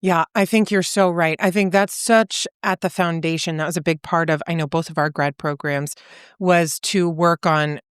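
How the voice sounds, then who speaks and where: Lower-voiced woman therapist, explaining. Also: fairly even intonation, normal speed, clear, resonant tone, no room sound, studio quality. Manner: thoughtful, warm explaining with frequent "right?" and "you know?". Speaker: podcast co-host and therapist. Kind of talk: casual faith podcast conversation.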